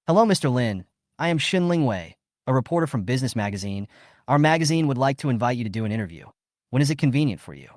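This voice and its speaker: A man's voice: mid-range voice, very animated, a little fast, dry recording, clean studio sound, close to an everyday voice. Guy doing a nervous young woman reporter, begs a lot, swoopy voice. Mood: hurried.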